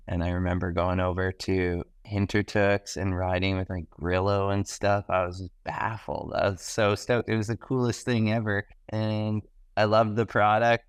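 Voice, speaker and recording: Excited young man telling stories. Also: lowish voice, clear, resonant tone, no echo. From Canada. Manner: enthusiastic, animated, slangy, acts out quotes. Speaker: podcast guest, pro snowboarder. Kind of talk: casual podcast storytelling.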